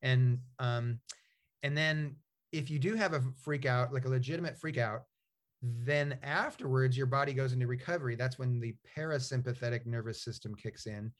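As a guest in a relaxed interview, a male author speaks in a mid-range voice at a moderate pace. He tells stories in a meandering way, full of fillers and false starts.

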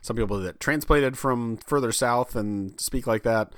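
A man's voice: medium pitch, a little slow, a bit bright, clean tone, dry recording, clean studio sound. A man co-hosting a podcast who talks in a wry, explanatory way in casual conversation. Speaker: podcast co-host.

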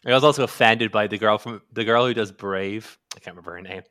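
A man's voice: fairly low pitch, quick pace, sharp tone. A man, a podcast co-host, talking in casual chat, rambling with many fillers and restarts. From Ireland.

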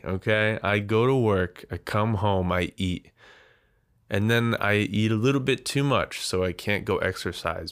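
A man with a fairly low voice talks slowly through his own solo podcast, a little out of breath after eating too much. He rambles in a self-deprecating way, stopping and restarting his thoughts. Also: fairly bright tone. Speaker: podcast host. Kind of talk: casual solo podcast monologue.

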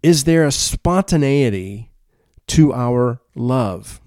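A man's voice: mid-range voice, animated, slow pace, darkish tone, no echo, clean studio sound. A man preaching a sermon in an earnest, conversational way, often repeating his words as he goes. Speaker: pastor.

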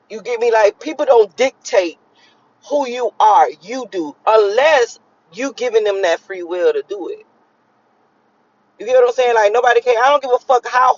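A woman's voice: mid-range voice, muffled recording. A woman talking casually to her viewers, giving blunt, profane, preachy advice that wanders between thoughts. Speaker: vlogger. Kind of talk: casual motivational talk to viewers.

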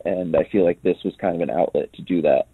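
Deep-voiced man on a phone line. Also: fast, husky, no echo. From New York. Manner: hesitant, many ums and restarts. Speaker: guest. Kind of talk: casual interview answers.

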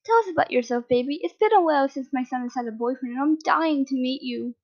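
A woman reading a storybook, voicing a cheerful, doting father who teases and scolds loudly. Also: sits high, fast talker. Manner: loud, affectionate, teasing. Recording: dull lo-fi recording.

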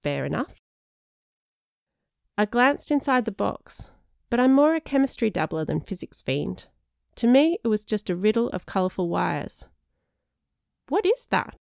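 A woman narrating a first-person story in a lively, expressive way. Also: medium pitch, normal speed, vocal fry, clear, resonant tone, dry recording, studio quality. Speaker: audiobook narrator.

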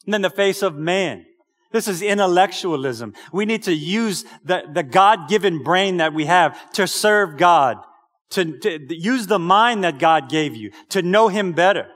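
A man with a high, light voice preaches a sermon and calls out for his congregation's amens. His words ring with a long reverb in a church sanctuary. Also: lively intonation, unhurried, a bit bright. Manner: exhorting, calls out "Amen?" to the congregation.

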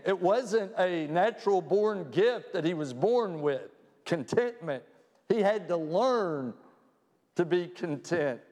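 A man preaching a sermon as a pastor, telling a story and quoting scripture with lively emphasis. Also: high voice, big-room sound. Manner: storytelling, plays both sides of a joke in quotes.

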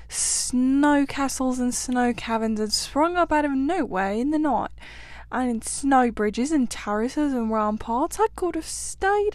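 A woman voicing a cheerful, hearty male otter who tells his tale in a lively, outspoken way. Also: a little high, no echo.

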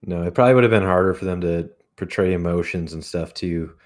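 A man's voice: low-pitched, quick pace. A man co-hosting a podcast in casual, joking chat. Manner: joking, teasing. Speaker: podcast co-host.

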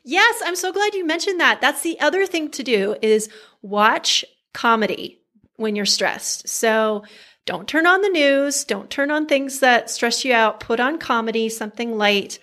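A woman co-hosting a casual chat, calm and reassuring as she gives advice. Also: fairly high pitch, measured pace.

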